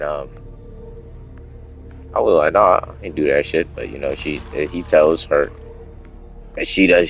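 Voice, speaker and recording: A man's voice: rumbling low, vocal fry. A young man telling a story off the cuff to camera, rambling and profane, breaking off into asides and correcting himself. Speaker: storytime vlogger. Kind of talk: unscripted casual storytelling.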